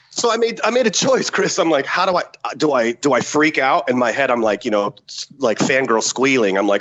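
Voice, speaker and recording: A man's voice: mid-range voice, a little fast, poor audio. A man, a former special forces soldier and podcast guest, telling a story in casual, profane talk and acting out the quotes. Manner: profane, animated, acts out quotes.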